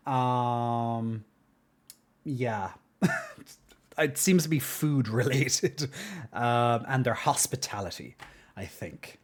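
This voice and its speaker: A male streamer from Ireland chats loosely while reacting to a video. He rambles, laughs, and lets his sentences trail off into quiet mumbles. His voice sits at a middling pitch.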